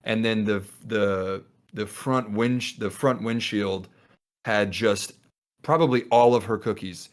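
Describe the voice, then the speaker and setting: A young man with a fairly low voice tells a long story on a podcast with his friends. He rambles, restarts his sentences, and acts out the voices of the people in it. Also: fairly even intonation, slow pace. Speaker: podcast co-host. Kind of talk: casual storytelling among friends.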